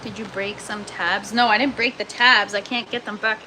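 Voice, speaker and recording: A woman's voice: medium pitch, steady tone, a little fast, hardly any pauses, sharp tone, a little hiss or hum, poor audio. A Canadian woman chatting casually with viewers on a gardening livestream, self-mocking and laughing often, sounding tired. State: tired from lack of sleep. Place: indoor grow tent.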